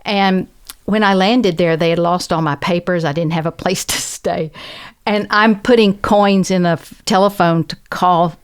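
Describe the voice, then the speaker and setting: A woman from the American South speaks in a slightly low voice with a Southern accent. She tells a personal story as a podcast guest, earnest and reflective, and acts out the voices of the people she quotes. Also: steady tone, measured pace, clean tone. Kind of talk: conversational storytelling.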